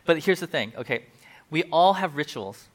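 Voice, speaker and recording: A man's voice: a little high, expressive, moderate pace. A male pastor giving a conversational sermon, full of asides and acted-out quotes.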